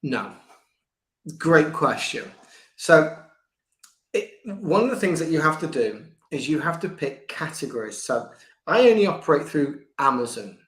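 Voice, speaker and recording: An older man talks as a guest in a conversational interview, animated and quick to restart his sentences. His voice sits fairly high for a man. The room adds a noticeable echo. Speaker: guest, book coach. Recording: echoey room.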